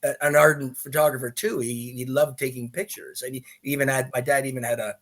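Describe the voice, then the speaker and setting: Lively man telling stories. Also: mid-range voice, fairly quick. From Canada. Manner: lively, with many restarts and asides. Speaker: podcast guest. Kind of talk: animated storytelling in a podcast interview.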